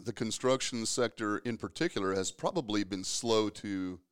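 A man hosting a casual talk, his voice smooth and resonant and sitting somewhat low. He tells stories in a relaxed, easygoing way, restarting his sentences now and then. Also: normal speed. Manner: storytelling, relaxed, with filler restarts. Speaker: podcast host, safety professional. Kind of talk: casual conversation.

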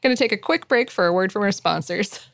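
A woman co-hosting a podcast in casual chat, reading out facts with lots of ums and gentle amusement. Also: mid-range voice, lively intonation, fast talker, gravelly. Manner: chatty, many fillers, gently amused. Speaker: podcast co-host.

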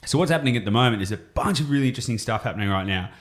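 A man's voice: mid-range voice, lively intonation, rapid-fire. An Australian man explaining property investing on a podcast, enthusiastic and rambling, often going off on tangents.

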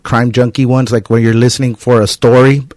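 A man's voice: medium pitch, level tone, fairly quick, a little mellow, no echo. A man hosting a podcast in a loose, casual chat, rambling with lots of filler words. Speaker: podcast host. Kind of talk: casual conversational interview.

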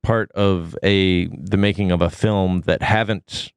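A man co-hosting a podcast, talking through a cold in a deep gravelly voice, relaxed and full of ums. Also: unhurried, no room sound, studio quality. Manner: relaxed, with many ums and uhs. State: sick, foggy. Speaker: podcast co-host. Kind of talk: casual news chat.

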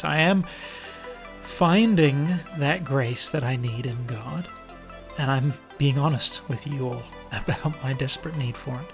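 A man's voice: mid-range voice, unhurried, faint music behind. A man in his thirties hosting a podcast, talking frankly about himself and laughing often. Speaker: podcast host. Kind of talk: candid podcast talk.

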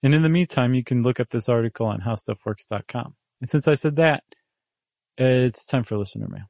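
A man co-hosting a podcast in casual, playful chat, joking and animated. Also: mid-range voice, brisk, creaky, no room sound. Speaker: podcast co-host.

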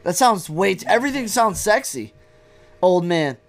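A man's voice: sits high, very animated, moderate pace. A young man co-hosting a casual bar-talk podcast, joking and cursing freely. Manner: profane, joking, laid-back. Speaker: podcast co-host.

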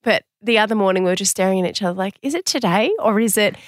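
A woman's voice: mid-range voice, quick pace, no room sound, studio quality. A young woman with a nasal voice, co-hosting a podcast in casual chat, laughing often. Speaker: podcast co-host.

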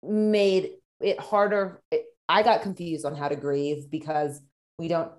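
A woman's voice: sits low, fairly even intonation, a little slow, darkish tone. A woman in a reflective casual conversation who speaks hesitantly, restarting her sentences. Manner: thoughtful, hesitant, many restarts.

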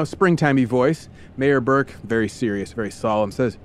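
A male podcast host spins a true story as a lively imagination exercise, addressing the listener as "you." He is playful and theatrical, dropping in brief funny voices for the characters along the way. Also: medium pitch, normal speed, few pauses, slight background noise. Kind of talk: storytelling narration in second person.

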